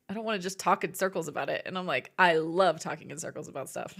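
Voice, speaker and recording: A woman's voice: on the low side, expressive, fairly quick. A woman streaming live, chatting with her viewers in a bubbly, chatty way. She giggles often and playfully acts out her own thoughts. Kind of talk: casual live-stream chat, reading viewer messages.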